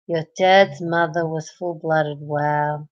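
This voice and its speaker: An Australian woman with a deep voice speaks slowly and with fairly even intonation on a lo-fi recording. Chatting casually on a live stream from her bed at night, she greets viewers and reads out what they write.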